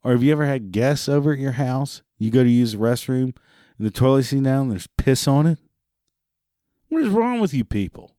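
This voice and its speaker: A man's voice: medium pitch, steady tone, a little fast, mellow, no echo, clean studio sound. A man delivering a profane, exasperated monologue rant. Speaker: ranting commentator.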